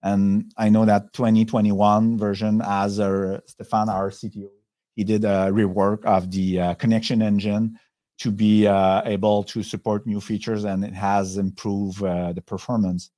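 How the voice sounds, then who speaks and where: French-accented man presenting, halting delivery. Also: on the low side, level tone, mellow. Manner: halting, frequent pauses and restarts. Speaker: software company executive. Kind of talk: webinar presentation.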